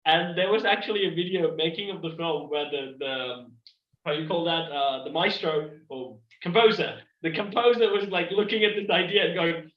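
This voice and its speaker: A man's voice: high-pitched, moderate pace. A man in casual chat, explaining something at length with rambling restarts, recorded with roomy, dull lo-fi sound.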